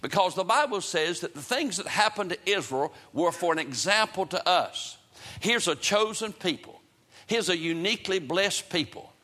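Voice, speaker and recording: A man's voice: sits high, lively intonation, moderate pace, pushed and bright. A man preaching a fervent sermon in a church, repeating phrases for emphasis and leading a prayer. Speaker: pastor. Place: church sanctuary, broadcast on radio and internet.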